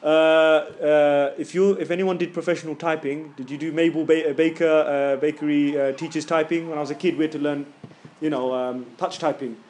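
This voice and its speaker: A man teaching a tajweed class in a casual, joking way, stretching out sounds slowly and loudly to demonstrate them. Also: fairly high pitch, steady tone.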